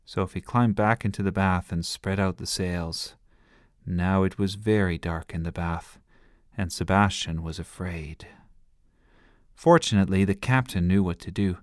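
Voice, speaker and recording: A man reading a bedtime story aloud in a gentle, lively storytelling manner. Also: deep voice, measured pace, dry recording, studio quality.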